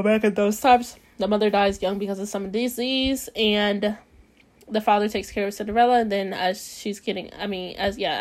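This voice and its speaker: A woman hosting a casual podcast who reads a bedtime story aloud and often rambles off topic, peppering her talk with "like.". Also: medium pitch. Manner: rambling, drifts off topic, frequent "like" fillers. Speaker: podcast host.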